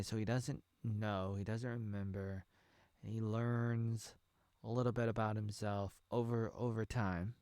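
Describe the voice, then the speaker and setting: A man's voice: on the low side, no room sound, clean studio sound. A man in his thirties from Oregon, rambling and joking with many ums and likes as he talks casually about a TV episode. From Oregon, USA. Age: 30s. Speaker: video creator reviewing a TV episode. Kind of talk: casual off-the-cuff commentary.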